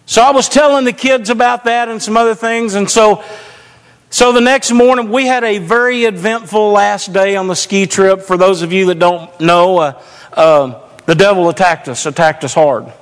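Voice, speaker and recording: A man's voice: high-pitched, steady tone, normal speed, clean tone, big-room sound. A man serving as pastor, delivering a folksy, chatty storytelling sermon.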